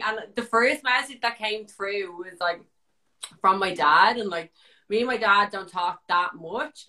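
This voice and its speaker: An animated young Irish woman chats as a podcast guest. She tells her story fast and loose, leans on "like" and swears freely. Her pitch sits in the middle range for a woman. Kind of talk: casual storytelling chat.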